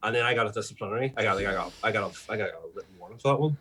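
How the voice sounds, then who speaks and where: A man's voice: lowish voice, very fast, fairly bright tone. A young man, a podcast guest, rambling through sweary stories in casual chat.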